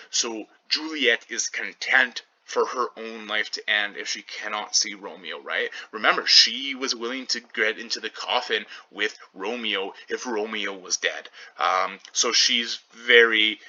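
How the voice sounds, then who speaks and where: A male teacher walks students through a play in a relaxed, chatty way, often checking in with them. His voice sits on the low side but has a very bright, sharp edge. The recording sounds dull and lo-fi. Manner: conversational, checks in with "right?".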